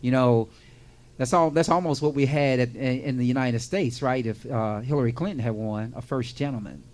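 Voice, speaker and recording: A man's voice: medium pitch, normal speed, a little mellow. Man, radio host, casual chat, jokey, repeats words, studio mic. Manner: chatty, joking, repeats words for emphasis.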